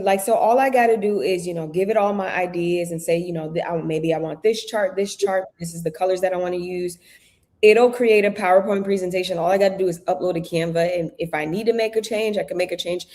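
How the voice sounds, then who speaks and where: A woman's voice: medium pitch, darkish tone. A woman guest on a live stream, talking in a loose, chatty way with many fillers. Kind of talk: casual chat.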